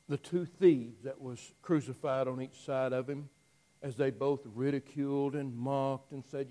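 A man preaching a dramatic storytelling sermon, swinging from loud declaiming to hushed, near-whispered lines. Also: medium pitch, fairly even intonation, poor audio. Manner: slow, drawn-out phrasing with long pauses.

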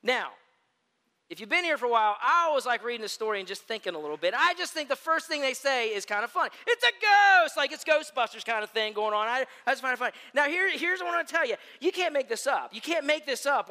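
Man, pastor, sermon, high-pitched, lively self-mocking storyteller, long hall reverb. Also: fast. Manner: animated storytelling with self-deprecating humor.

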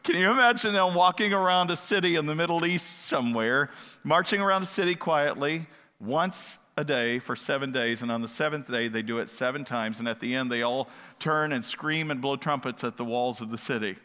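A man's voice: medium pitch, fairly quick, sharp tone. A man preaching a sermon in a conversational way, asking his listeners questions and wandering into digressions. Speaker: pastor. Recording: long hall reverb.

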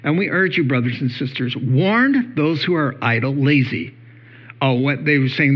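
A man's voice: mid-range voice, animated, moderate pace, slightly rough, highs cut off. A male pastor giving a conversational sermon, telling stories with many fillers.

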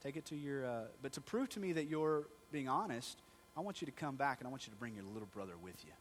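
A man's voice: mid-range voice, animated, fast, a little hiss or hum, lightly acted. A male preacher voicing a stern male ruler who accuses his brothers of spying. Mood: scheming.

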